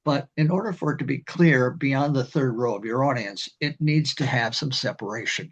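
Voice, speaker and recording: An older man, a community band director, explaining conducting in a rambling, halting way and singing rhythms. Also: medium pitch, lo-fi sound. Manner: rambling, halting, with many fillers and sung rhythms. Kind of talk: instructional talk on conducting.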